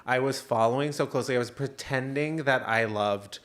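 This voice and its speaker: A man's voice: mid-range voice, brisk. A man in his thirties co-hosting a podcast, telling a story in casual chat with lots of fillers and restarts. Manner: animated storyteller, many fillers and self-interruptions. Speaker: podcast co-host.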